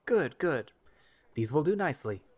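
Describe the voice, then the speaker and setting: A man's voice: fairly high pitch, very animated, normal speed, darkish tone, pitched above the performer's own voice. A man voicing a jovial older male wolf baker with a folksy, teasing manner.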